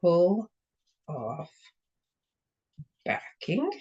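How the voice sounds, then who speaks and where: Craft host, woman, slightly hoarse and throat-clearing, chatty and rambling, dull lo-fi sound. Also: on the low side, very animated, extremely slow, darkish tone. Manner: chatty, rambling, self-interrupting. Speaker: craft demonstrator and show host. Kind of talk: casual card-making demo. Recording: dull lo-fi recording.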